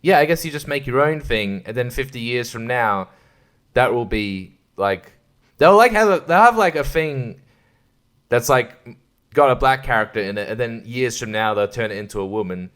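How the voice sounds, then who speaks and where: A man's voice: medium pitch, lively intonation, moderate pace, a bit bright, clear, resonant tone. A man hosting his own podcast, rambling crudely in a casual solo rant and laughing often. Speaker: podcast host.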